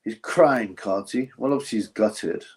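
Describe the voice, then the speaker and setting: His voice is fairly low and darkish, his pace moderate, as this man hosts a live stream covering a boxing event. The commentary is blunt and ranting, sprinkled with chuckles, and he reads out donations from viewers.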